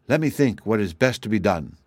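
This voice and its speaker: A man voicing a dainty, reckless young female rainbow fairy in a high, pleading and imperious tone. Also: lively intonation, a little fast, dry recording, studio quality. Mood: distressed. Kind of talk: storybook character voice.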